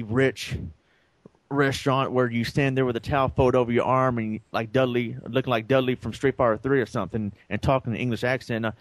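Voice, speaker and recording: A man with a middle-pitched voice tells a long story on a podcast, casual and rambling. He acts out what other people said as he goes. The recording is close and dry, with no room sound. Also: no echo. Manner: rambling, acts out quoted dialogue. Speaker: podcast co-host.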